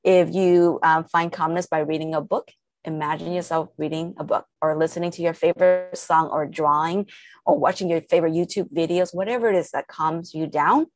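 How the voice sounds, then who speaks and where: A woman with a fairly low voice talks listeners through a calming practice like a patient coach. She lays each step out plainly and earnestly and leans on everyday examples. The sound is close and dry, with no room around it. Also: a little fast, dry recording. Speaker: guest, calm coach. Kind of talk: instructive podcast talk.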